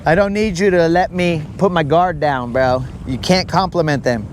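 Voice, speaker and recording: A man's voice: on the high side, a little hiss or hum. A man hosting a live fishing stream from a boat, chatting casually with his viewers and teasing them by name. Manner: joking, talks to viewers by name, drawn-out asides. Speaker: fishing livestream host. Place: on a boat on a lake outdoors.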